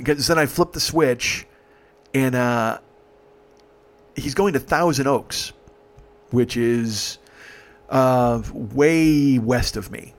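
A man's voice: medium pitch, takes it slowly, long pauses. A man with an ordinary mid-range voice tells a long comic story in a loose, rambling way. He swears often and slips into the other people's lines as he goes. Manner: rambling, profane, acts out dialogue. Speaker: podcast host, rideshare driver.

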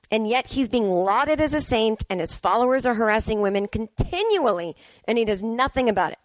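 A woman's voice: a little high, animated, fairly quick, no room sound. A woman hosting a podcast from home, talking in a casual comedic monologue as she reads listener emails and rants bluntly, swearing freely. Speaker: podcast host.

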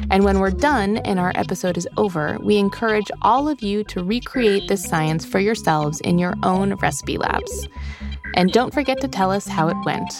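A woman hosting a scripted children's cooking podcast, explaining steps in a clear, friendly, steady way. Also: medium pitch. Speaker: host and magazine editor.

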